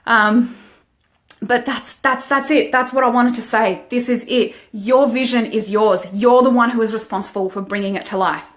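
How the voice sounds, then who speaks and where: A woman's voice: a little high, steady tone, moderate pace. Aussie woman coach on a live stream, blunt and heartfelt, gets emotional. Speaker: life coach. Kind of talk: live-stream motivational monologue.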